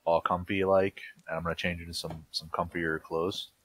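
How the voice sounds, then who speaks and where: A man with a very deep voice playing a tabletop game. He talks in an upbeat, casual way, reeling off plans with "um" and "all that jazz". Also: little pitch movement, moderate pace, fairly bright tone, slight background noise. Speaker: player.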